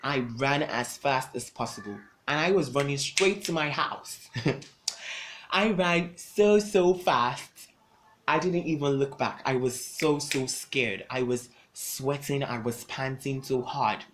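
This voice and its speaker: A young vlogger tells a personal story to camera in a dramatic, emphatic way, leaning hard into every beat and repeating things a lot. The voice is mid-pitched, slow and slightly bright, with loose, casual phrasing and a faint ambient hum behind it.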